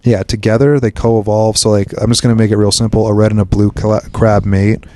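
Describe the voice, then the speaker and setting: A young man rambling through a half-understood idea in loose, joking podcast chat. His voice sits on the lower side and sounds close and dry, with no room in it. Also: level tone, a little fast, dark tone, dry recording. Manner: rambling, jokey, meandering explanations. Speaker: podcast co-host. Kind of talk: casual chat.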